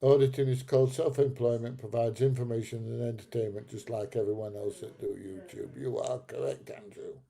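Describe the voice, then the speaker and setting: A man's voice: medium pitch, fairly even intonation, brisk, vocal fry, few pauses, dark tone. A man in his seventies hosting a live stream, reading out chat comments and bantering back at trolls with frequent laughs. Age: 70s. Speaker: livestream host reading chat.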